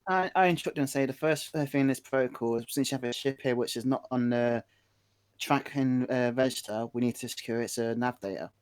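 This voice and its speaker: A man's voice: medium pitch, brisk, smooth, dry recording. A man playing a tabletop game, speaking earnestly with stammers and restarts. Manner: stammering, earnest in-character speech. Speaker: player.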